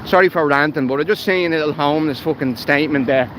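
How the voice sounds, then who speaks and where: A man's voice: on the high side, fast. A man with a Dublin accent giving blunt, heated commentary while walking outdoors, filmed on a phone. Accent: Irish, Dublin. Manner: blunt, heated, swears freely. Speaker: livestreamer. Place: outdoors on city streets. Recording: outdoor street recording with traffic noise.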